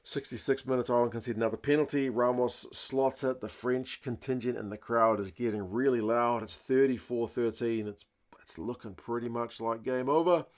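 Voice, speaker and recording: A man's voice: mid-range voice, fairly even intonation, normal speed. A young man hosting a casual rugby match review, chatty and conversational, using fillers and mild slang. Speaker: rugby channel host.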